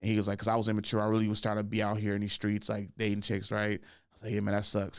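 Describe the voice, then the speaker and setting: A man's voice: on the low side, completely flat delivery, fast talker, smooth, dry recording, clean studio sound. A man in his thirties hosting a podcast, telling a story casually with frequent laughs and "like" and "right?" fillers. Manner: laughs often, fills with "like" and "right?". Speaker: podcast host.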